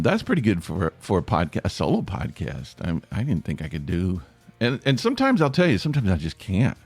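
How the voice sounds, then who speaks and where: A podcast host from East Tennessee, speaking with an East Tennessee accent, rambles through his solo show in a self-deprecating way and asks listeners for feedback. His voice sits in the mid-range, with no echo.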